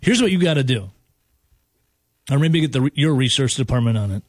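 Joking sports radio host. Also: male voice, mid-range voice, lively intonation, dry recording. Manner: joking, teasing, quick asides. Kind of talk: casual sports radio banter. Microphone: studio microphone.

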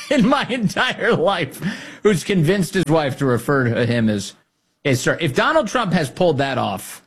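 Husky guy ranting on his political podcast, mocking, laughs a lot. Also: fairly high pitch. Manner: mocking, animated, laughs often. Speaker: podcast host. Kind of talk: political commentary.

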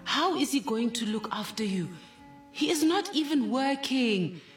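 Brief: a woman playing a consoling South African mum, animated pitch, faint music behind. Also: a little slow. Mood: pleading. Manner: pleading, consoling. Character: worried, soothing mother. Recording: distant mic, faint music.

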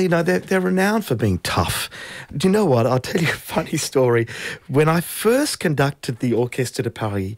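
A man's voice: slightly rough, no echo. A middle-aged man from Australia, a conductor telling anecdotes in an interview and acting out the voices he quotes. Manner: anecdotal, acts out quoted voices with rising pitch. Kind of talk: interview storytelling.

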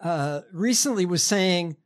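A man hosting a podcast, talking casually and profanely about politics, halting with many fillers and restarts. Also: sits high, expressive. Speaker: podcast host.

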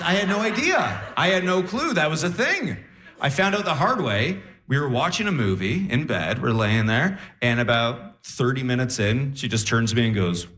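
A young man performing stand-up comedy on a club stage, animated and jumping into squeaky voices for punchlines. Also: a little slow. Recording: roomy club sound with crowd laughter.

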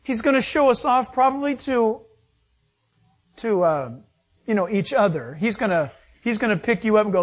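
A man's voice: high-pitched, animated, moderate pace. A middle-aged male pastor preaching a sermon, acting out quotes and laughing as he goes.

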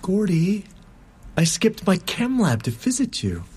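Tender young college woman, lively lilt, faint room ambience behind, as a male actor puts her on. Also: high-pitched, a little slow, slight background noise, voice pushed up. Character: earnest caring young woman student.

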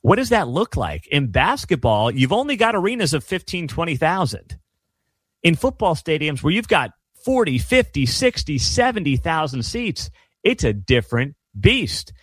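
A man's voice: fairly high pitch, big pitch swings, moderate pace, fairly bright tone, slightly rough, no echo. Blunt, ranting male sports talk host. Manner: blunt, exasperated, sarcastic ranting. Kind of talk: opinionated sports commentary monologue.

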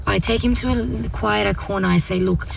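A mother in a casual discussion who speaks calmly and gently, telling stories about her children. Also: mid-range voice, fairly quick, gravelly, soft background music. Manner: calm, gentle, storytelling with acted quotes. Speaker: parent guest.

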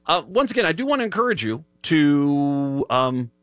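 A man hosting a live radio show, tired after a long day of travel. He talks casually and rambles, restarting his sentences often. His voice sits a bit high and bright, close and dry in the studio. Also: sing-song, normal speed, no room sound. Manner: rambling, with many restarts and laughs. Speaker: radio host.

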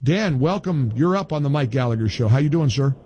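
A man's voice: medium pitch, lively intonation, a little fast, dark tone, slight background noise. A man hosting a talk radio show, combative and insistent, hammering points home by repeating phrases.

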